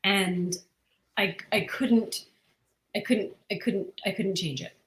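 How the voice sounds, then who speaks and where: A woman's voice: medium pitch, slow pace, a bit bright, reverberant. A woman who writes comics, answering interview questions earnestly and at length, with frequent restarts.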